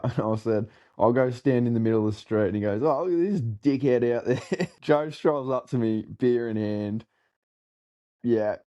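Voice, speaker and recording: A man's voice: lowish voice, mellow, dull audio. A young Australian man telling a rambling party story in casual chat, laughing and swearing a lot. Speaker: co-host telling a road-trip story.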